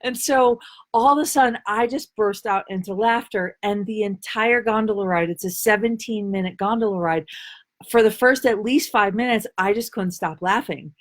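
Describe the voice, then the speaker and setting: A woman's voice: mid-range voice, normal speed. A woman coach chats on a live stream, answering comments as they come in. Her delivery is playful and bubbly, and she laughs often. She rambles loosely and leans on fillers as she talks. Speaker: intuitive life coach.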